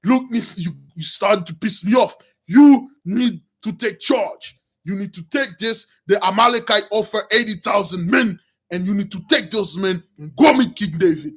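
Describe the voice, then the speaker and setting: A man's voice: high-pitched, moderate pace, husky. A man playing a blunt, fed-up army commander. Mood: scolding. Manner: blunt, scolding.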